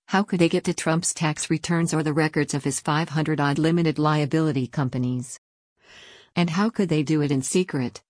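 A woman reading a news article aloud in an even, measured scripted narration. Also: sits low, no room sound, clean studio sound.

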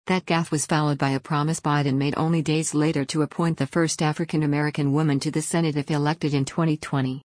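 A woman reading a news article aloud in an even, measured scripted narration. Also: low voice, dry recording. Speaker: news reader.

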